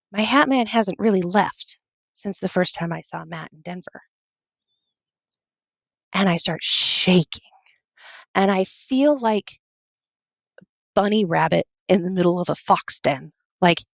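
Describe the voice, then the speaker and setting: A woman guest on a podcast telling a personal story earnestly, halting often and quoting her own thoughts. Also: medium pitch, vocal fry, dry recording, lo-fi sound. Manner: earnest, halting, with many fillers and quoted self-talk.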